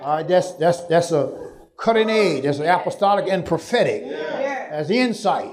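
A man preaching a sermon to a congregation, building from talk to shouted call-and-response. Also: sits high, expressive, normal speed. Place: large church hall with congregation. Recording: crowd noise from congregation.

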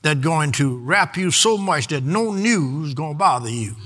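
A man's voice: on the high side, lively intonation, unhurried, a crowd in the background. A man preaching a sermon in a rhythmic, half-sung delivery, drawing out words for emphasis and calling for responses from his congregation.

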